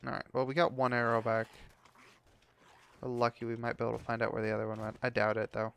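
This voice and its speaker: Gameplay streamer, young man, gravelly, mid-pitched, swears freely when annoyed. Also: completely flat delivery, fast, a bit bright. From United States. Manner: frustrated ranting, heavy swearing. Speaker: gameplay commentator. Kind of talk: casual gameplay commentary.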